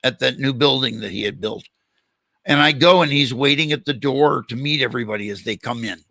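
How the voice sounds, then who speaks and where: Bright-voiced older man telling stories. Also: medium pitch, brisk, vocal fry, no room sound. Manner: animated storyteller, acts out quoted dialogue. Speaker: podcast host. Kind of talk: storytelling in a casual interview.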